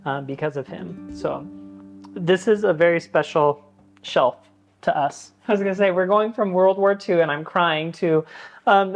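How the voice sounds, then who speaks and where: A man talking casually to his viewers, chatty and earnest, telling stories with plenty of fillers. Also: sits high. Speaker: vlogger giving an office tour. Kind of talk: casual tour chat to camera.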